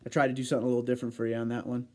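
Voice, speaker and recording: A man's voice: medium pitch, flat delivery, racing, a little mellow. A man hosting a casual livestream, reading out viewer comments in a chatty way and laughing often. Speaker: livestream host.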